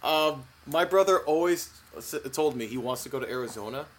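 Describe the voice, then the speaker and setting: A man co-hosting a casual podcast, animated and riffing, quick to laugh. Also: medium pitch. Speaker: podcast co-host.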